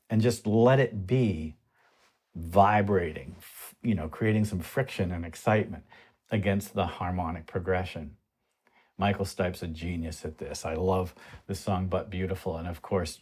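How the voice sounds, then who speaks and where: A man's voice: lowish voice, a little mellow. A man explaining music theory at the piano in a conversational way, often asking rhetorical questions. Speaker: music teacher. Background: piano playing.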